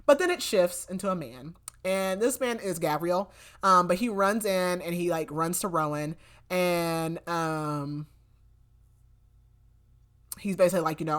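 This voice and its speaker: A woman's voice: lowish voice, expressive, normal speed, a bit bright. A young woman on a podcast, casually recapping a novel's plot in a rambling way with lots of fillers and quoted dialogue. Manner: chatty, filler-heavy retelling with quoted lines. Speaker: podcast co-host. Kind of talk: casual book recap chat.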